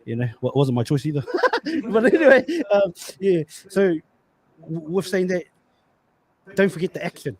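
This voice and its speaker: Slangy thirty-something man, high voice. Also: expressive, moderate pace, long pauses. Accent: Australian. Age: 30s. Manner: loose, swearing, repeats words, slangy. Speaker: podcast co-host. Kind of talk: casual chat.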